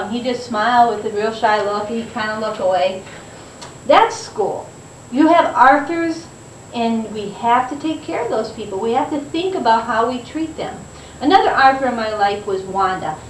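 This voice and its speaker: A woman's voice: fairly high pitch, a little hiss or hum. A woman giving a motivational storytelling speech, acting out the voices of the people in her story. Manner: dramatic, acts out quotes in voices. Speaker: speaker. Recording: echoey room recorded from far off.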